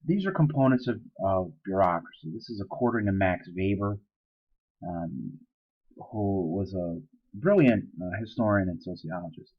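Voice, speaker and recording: A man's voice: low-pitched, expressive, moderate pace, dull audio. A man teaching social studies in a casual, explanatory recorded lecture, with fillers and asides.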